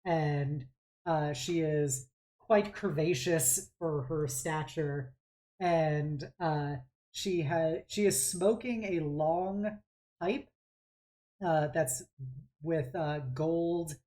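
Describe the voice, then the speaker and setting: A woman with a low, mellow voice runs a tabletop role-play as game master. She describes scenes slowly and haltingly, padding her speech with fillers as she works out each detail. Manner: rambling, hesitant description full of fillers.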